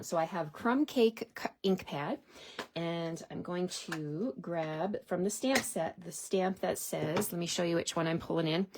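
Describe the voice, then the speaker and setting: A woman's voice: on the low side, a little mellow. A woman giving a casual, chatty craft tutorial, laughing often and reading out viewer comments. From Canada. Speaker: card-making demonstrator.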